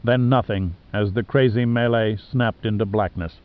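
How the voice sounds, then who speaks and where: A man reading an audiobook in steady scripted narration. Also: fairly low pitch, moderate pace, narrow, tinny audio.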